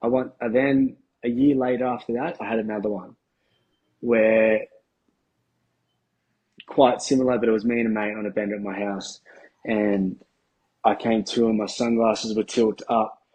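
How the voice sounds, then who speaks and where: Guest: Australian man, thirties, low husky voice, blunt slangy storyteller. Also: fairly even intonation, a little mellow, poor audio. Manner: blunt, slangy, halting with ums. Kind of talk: candid interview storytelling.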